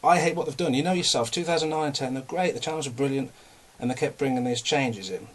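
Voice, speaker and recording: A man's voice: mid-range voice, fast talker. Chatty man ranting, winded. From England. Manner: ranting, self-mocking, chatty. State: out of breath. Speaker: vlogger. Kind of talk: casual rambling vlog.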